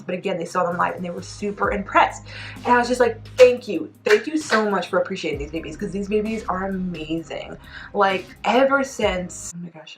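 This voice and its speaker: A woman vlogging a music reaction, gushing and excitable, with many "like"s as she chats to camera. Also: lowish voice. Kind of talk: casual chat to camera.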